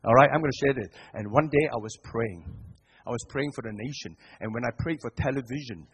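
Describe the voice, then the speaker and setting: Man, middle-aged, husky voice, guest sermon, animated, hushed-to-loud swings, frequent restarts. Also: mid-range voice, fairly quick. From Singapore. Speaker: guest preacher.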